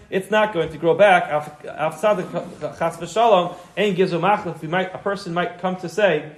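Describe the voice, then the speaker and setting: A man, his voice sitting a touch higher than most, gives a Talmud class. He reads short Aramaic passages aloud and then explains them in relaxed, conversational English. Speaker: Talmud teacher. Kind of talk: Daf Yomi class, reading and translating aloud.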